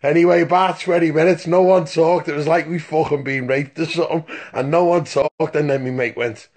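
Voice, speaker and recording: A man's voice: fairly high pitch, fairly even intonation, brisk, few pauses, a little mellow. A man telling a rambling, profane story in a phone voice message, stopping often to ask "right?". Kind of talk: casual voice-note anecdote.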